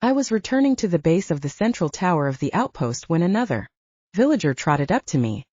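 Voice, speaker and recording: A woman narrating a first-person audiobook in an animated storytelling manner. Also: fairly low pitch, fairly quick, breathy edge, no echo. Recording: dull lo-fi dry recording.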